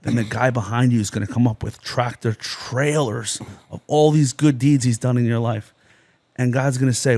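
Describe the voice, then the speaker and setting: A man from New Jersey talks as a podcast guest, telling his story in an intense, rambling flow. His voice sits in a middle pitch, and he keeps dropping "you know" and "like" as he goes. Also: fairly even intonation, normal speed, dark tone. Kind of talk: personal testimony in a podcast interview.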